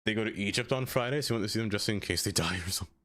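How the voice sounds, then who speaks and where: A man's voice: fairly low pitch, very fast, a bit bright. A man streaming live in casual chat, rambling and answering viewers by name, with lots of "like" fillers. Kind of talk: casual live-stream chat while playing a city-building game.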